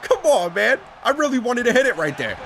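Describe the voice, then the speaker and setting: A young man with a high voice gives excitable let's-play commentary, shouting and cursing at a wrestling game. His pitch leaps all over as he reacts. A faint hiss sits under the recording. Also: fairly quick. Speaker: gaming commentator.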